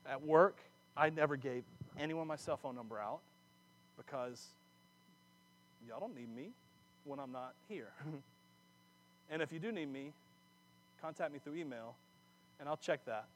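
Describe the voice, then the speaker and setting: A man giving a sermon, animated and chatty, often breaking off mid-phrase to start again and slipping in jokey asides. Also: a little high, measured pace, pauses often, slight background noise. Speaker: preacher. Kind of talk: sermon with personal stories.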